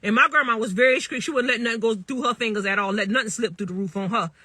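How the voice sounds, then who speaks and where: A woman in her thirties speaks straight into her phone on a live stream. Her voice is very bright and cutting, and she talks in an emphatic, repetitive way, often checking in with her listeners. The sound is dry and close, with no room around it. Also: a little high, fast, no echo. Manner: emphatic and repetitive, often asks "you know what I'm saying". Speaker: livestream host talking to viewers. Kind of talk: casual livestream monologue.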